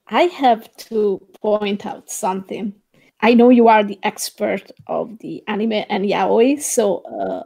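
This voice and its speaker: Woman guest, slow measured delivery, fillers, slightly high voice. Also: gravelly, darkish tone. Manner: thoughtful, hesitant, many fillers. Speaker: podcast guest. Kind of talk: casual discussion.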